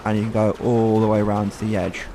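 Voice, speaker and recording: A man's voice: fairly low pitch, monotone, quick pace, mellow, slight background noise. A man from Wales with a Welsh accent, giving casual, profane let's play commentary as he plays. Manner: profane, ranting. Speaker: gamer.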